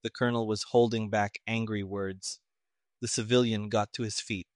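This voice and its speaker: A man narrating a story in a measured, even way. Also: fairly low pitch, no room sound, clean studio sound.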